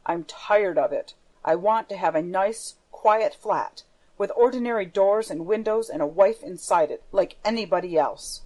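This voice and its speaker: A woman's voice: medium pitch, moderate pace, darkish tone, natural voice, low-quality recording. A woman reading the part of a menacing masked male phantom, with a theatrical, darkly playful manner. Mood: brooding.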